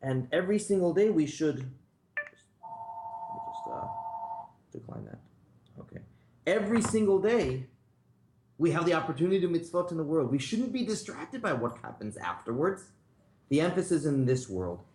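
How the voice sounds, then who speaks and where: A man with a fairly high voice teaches a Torah class in a conversational, storytelling way. His pitch swings lively up and down, and the roomy space around him echoes. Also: normal speed, a little hiss or hum. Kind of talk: informal Torah class lecture. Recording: roomy echo.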